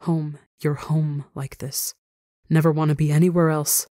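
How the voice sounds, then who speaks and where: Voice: medium pitch, level tone, measured pace, warm tone, no echo, studio quality, close to an everyday voice. A podcast reader voicing a fragile, traumatized young man who speaks in a choked, faltering way.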